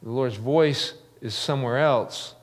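A man's voice: mid-range voice, a little slow. A middle-aged man preaching a sermon as a pastor, earnest, building emphasis with repeated phrases. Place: church sanctuary. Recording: long reverb of a large church hall.

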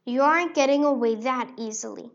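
A woman voicing a frightened male mouse guard in a storybook, squeaky and panicky. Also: big pitch swings, drawn-out words, dark tone, heavily acted. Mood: defiant. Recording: dull lo-fi recording.

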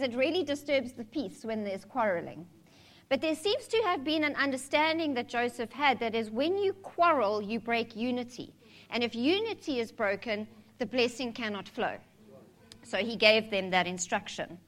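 A woman's voice: a little high, fairly bright tone. A woman preaching a sermon in a candid, conversational way, mixing humor with scripture.

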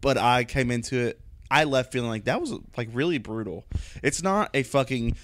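Lively, blunt male podcast co-host. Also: mid-range voice, moderate pace, dry recording. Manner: blunt and profane, laughs easily, lively when mocking. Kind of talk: casual movie-review chat.

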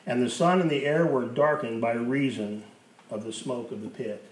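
A man's voice: mid-range voice, normal speed. A man preaching a sermon as pastor, emphatic, repeating key phrases for effect. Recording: roomy, distant mic with faint hiss.

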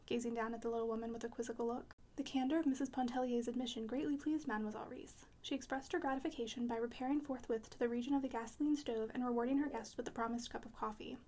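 A woman narrating a classic novel with brisk, expressive storytelling. Her voice sits high and she moves through the text quickly. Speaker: audiobook narrator. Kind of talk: reading a novel aloud.

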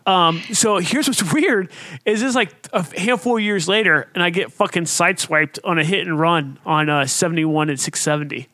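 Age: adult. Sex: man. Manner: profane, animated storyteller, high bright voice, dry sound. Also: moderate pace, no echo. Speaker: podcast co-host. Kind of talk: casual storytelling chat.

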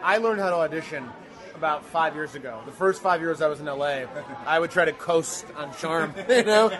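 A man's voice: a little high, fairly quick, fairly bright tone, some chatter behind. A man in his thirties, a guest actor telling rambling, self-deprecating stories in a casual interview.

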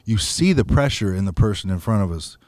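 A man in casual podcast chat, telling a story with lively quoted dialogue and plenty of swearing. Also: fairly low pitch, fairly quick, no room sound, studio quality. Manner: animated storytelling, acts out quotes, swears freely.

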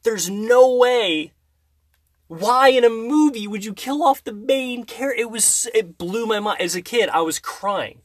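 A man in his thirties chatting casually on a podcast, telling a story in an animated way. He hums tunes and acts out scenes. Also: very high voice, unhurried, no echo.

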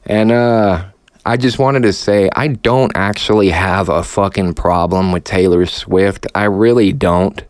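Man ranting on a podcast, frustrated, sarcastic, swearing, lowish voice, smooth clear tone, dry close sound. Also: fairly even intonation, a little slow, no echo. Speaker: podcast host. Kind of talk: profane rant.

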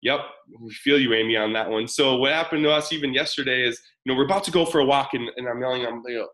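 A man's voice: medium pitch, lively intonation, fast talker, fairly bright tone, rough recording. A man in his thirties presenting a live parenting webinar, talking casually and energetically while answering chat comments.

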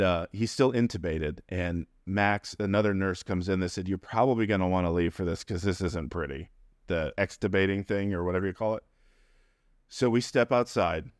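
A man telling a personal story as an interview guest, animated and acting out the people in it. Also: sits low, dry recording, studio quality. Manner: animated, acts out quoted voices.

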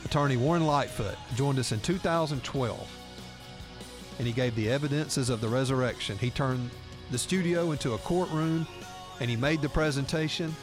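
A man hosts a radio talk show, explaining and reading scripture in an earnest, steady voice of middle pitch. Faint music plays softly underneath him. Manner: earnest, reads scripture aloud.

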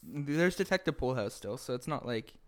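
A man co-hosting a casual podcast recap, chatty and quick to laugh. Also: medium pitch, animated, fairly bright tone. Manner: chatty, laughs often, acts out lines. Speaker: podcast co-host. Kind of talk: casual chat recapping an episode.

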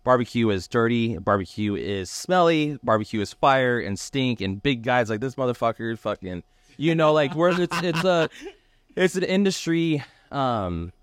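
Man, mid pitch, dry close mic; relaxed, profane co-host. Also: dry recording. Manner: relaxed, profane, laughs along. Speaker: barbecue pitmaster, co-host. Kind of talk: casual chat. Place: restaurant kitchen.

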